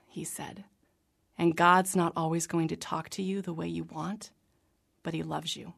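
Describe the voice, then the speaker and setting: A woman reading her personal faith memoir aloud in an earnest, reflective manner, sometimes dropping to a soft whisper. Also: lowish voice, fairly even intonation, normal speed, vocal fry, breathy edge. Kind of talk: scripted narration.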